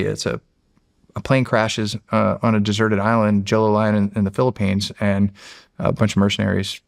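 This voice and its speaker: Low gravelly-voiced man telling stories. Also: no room sound, studio quality. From United States. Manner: rambling and emotional, with many restarts. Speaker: podcast guest. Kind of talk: casual storytelling.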